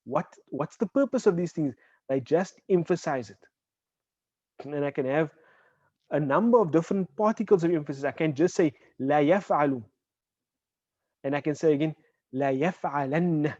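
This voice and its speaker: A man teaching an online Arabic class. He explains patiently, checks in with "right?" and says example words slowly. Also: a little high, darkish tone, no echo. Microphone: video call. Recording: dull, dry online call audio.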